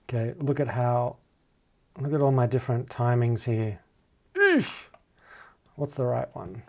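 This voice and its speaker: Guy mumbling thru a music software tutorial, gravelly voice, lots of ums and restarts, kinda self-deprecating. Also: medium pitch, fairly even intonation, moderate pace, slight background noise. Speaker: music producer teaching a DAW. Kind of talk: casual screen-recorded tutorial.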